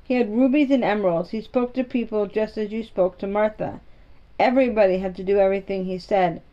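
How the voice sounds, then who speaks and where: A woman's voice: mid-range voice, brisk, highs cut off, natural voice. A woman doing a blunt, contrary young girl. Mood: earnest. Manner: plain-spoken, earnest storytelling.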